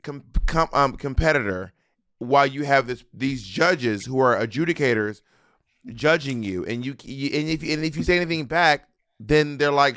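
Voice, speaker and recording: A man co-hosting a casual chat show with a smooth, resonant voice. He talks in an animated, campy way and throws in quick asides. The sound is dry and close. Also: medium pitch, dry recording. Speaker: podcast co-host.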